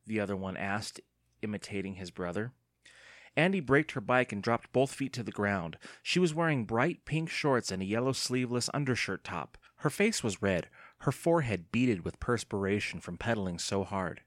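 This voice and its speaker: A man narrating an audiobook in an expressive storytelling manner. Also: lowish voice, moderate pace, no room sound, studio quality.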